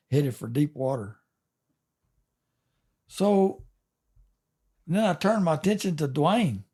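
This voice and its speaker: An older man tells a long fishing yarn in a relaxed, folksy way, chuckling between the details. His voice sits a little higher than most men's. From Texas. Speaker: fishing captain and guest. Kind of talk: casual storytelling.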